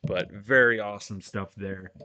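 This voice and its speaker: A man's voice: lowish voice, fairly even intonation, normal speed, sharp tone, no room sound. A man giving a casual, rambling wrestling review, retelling with many fillers and plenty of enthusiasm.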